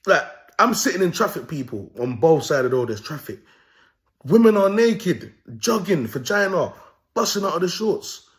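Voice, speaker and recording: Young man, London accent, comic rant, animated, swears a lot, laughs at himself. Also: fairly high pitch, moderate pace. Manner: animated, swearing, laughing at his own jokes. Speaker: host. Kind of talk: ranting comedic commentary.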